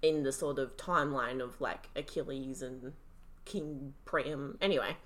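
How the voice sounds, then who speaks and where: A woman's voice: rumbling low, fairly even intonation, measured pace, fairly bright tone. A woman in her twenties with an Australian accent, co-hosting a casual podcast and rambling with lots of "like" and "um". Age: 20s. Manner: rambling, filler-heavy. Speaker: podcast co-host. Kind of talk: casual chat.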